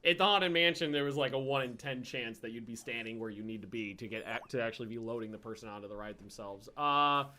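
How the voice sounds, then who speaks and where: A man hosting a gaming video, telling rambling, profane anecdotes in a casual, animated way. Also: medium pitch, quick pace, hardly any pauses. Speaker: gaming channel host. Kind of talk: casual storytelling over gameplay.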